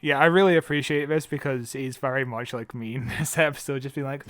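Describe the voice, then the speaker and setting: A man's voice: mid-range voice, fairly even intonation, fairly quick, a bit bright, dry recording. A man co-hosting a podcast in casual chat, wry and joking, laughing at his own asides. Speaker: podcast co-host.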